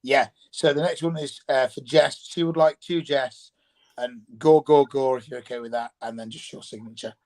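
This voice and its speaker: Guy with a gravelly voice, easygoing host reading out signing requests. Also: medium pitch, fairly even intonation, moderate pace, darkish tone, rough recording. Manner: easygoing, affirming. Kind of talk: casual chat.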